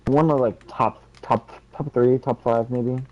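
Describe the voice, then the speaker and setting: A man's voice: medium pitch, fairly even intonation, measured pace, darkish tone, lo-fi sound. A man co-hosting a casual podcast while playing a game, eager and stumbling over his words. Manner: eager, stumbling with fillers and restarts. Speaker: podcast co-host.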